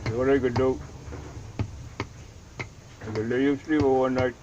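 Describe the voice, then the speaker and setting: An older Bahamian man tells a story from his own life with vivid, dramatic energy and slips into the voices of the people in it. The sound is dull and lo-fi, with clear noise behind him. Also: medium pitch, steady tone, measured pace. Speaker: Rastafarian elder telling his life story. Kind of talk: storytelling in an interview.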